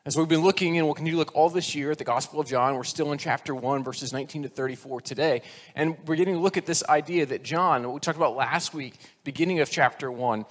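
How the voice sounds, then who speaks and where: A man's voice: on the high side, in a large hall. A man in his forties preaching a sermon as pastor, conversational and self-deprecating, slipping into voiced characters when he tells a joke.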